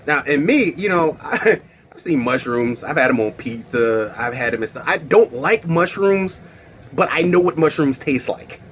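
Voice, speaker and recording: A man's voice: fairly high pitch, animated, normal speed, fairly bright tone, a little hiss or hum. A man telling a personal story in a casual, slangy way, with lots of fillers and laughs. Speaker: storyteller vlogger.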